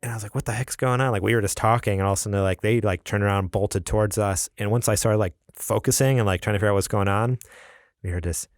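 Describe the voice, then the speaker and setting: A man's voice: lowish voice, steady tone, fast, no room sound, clean studio sound. A young man co-hosting a podcast, telling a story in casual chat, rambling and laughing often. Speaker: podcast co-host.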